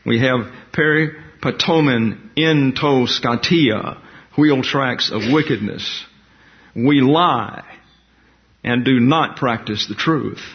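A male pastor delivers a measured teaching sermon, pausing to spell out Greek words and drifting into brief asides. His voice sits at an ordinary middle pitch for a man. The recording is dull and a bit lo-fi. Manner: deliberate, explains Greek terms, with asides. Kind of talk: expository Bible teaching sermon.

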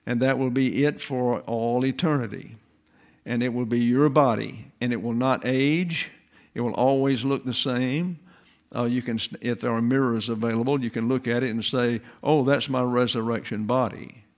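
Elderly man preaching a slow sermon. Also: mid-range voice, steady tone. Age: 80s. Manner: slow, deliberate teaching delivery with folksy asides. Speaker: pastor.

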